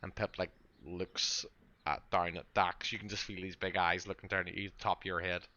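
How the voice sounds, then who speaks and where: A male game master narrating a tabletop game in a loose, rambling way, with plenty of fillers and restarts. His voice is fairly low but bright and forceful. He describes the scene and then cuts to the players to ask for checks. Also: little pitch movement, moderate pace, muffled recording.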